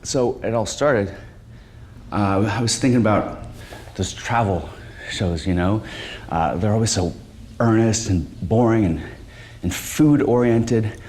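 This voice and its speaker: An actor playing an anxious, washed-up middle-aged male stand-up comic, talking in a halting, stammering, self-deprecating way in a film. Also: lowish voice, a little mellow, close to an everyday voice. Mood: nervous. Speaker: stand-up comedian. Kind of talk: film stand-up set and show pitch.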